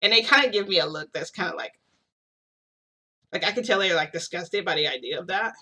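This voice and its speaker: A young woman tells a long personal story in a loose, chatty vlog style. Her voice is bright and forceful. She keeps filling with "like" and restarting her sentences as she goes. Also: fairly low pitch, brisk. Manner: rambling, heavy use of "like", frequent restarts. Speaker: vlogger. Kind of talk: casual storytelling.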